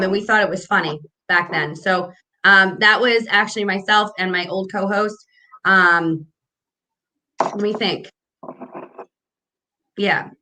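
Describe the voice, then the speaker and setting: A woman's voice: medium pitch, bright, forceful tone. A woman hosting a casual morning livestream, chatty and rambling with lots of fillers and restarts. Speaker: morning show host.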